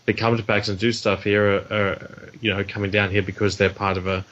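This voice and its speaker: An Australian man rambles as a podcast guest, full of restarts and self-deprecating asides. His voice is bright and sharp. The audio sounds dull and lo-fi. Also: on the low side, flat delivery, a little fast. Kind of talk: casual podcast chat.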